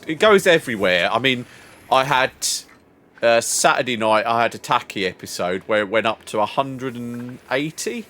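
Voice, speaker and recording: An older man streaming a game, chatting casually and telling a long rambling story, putting on higher voices when he quotes people. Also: fairly bright tone, slight background noise. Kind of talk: casual chat while gaming.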